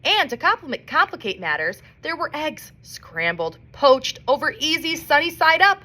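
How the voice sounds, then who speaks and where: Lively woman reading a storybook aloud. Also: high-pitched, moderate pace. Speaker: reader. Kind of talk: reading a children's novel aloud.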